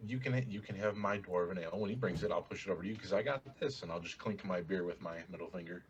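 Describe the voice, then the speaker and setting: A man's voice: low voice, fast talker. A man playing a tabletop game, making easygoing, dry remarks. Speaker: player. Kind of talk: casual play at the table. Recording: dull, slightly noisy mic.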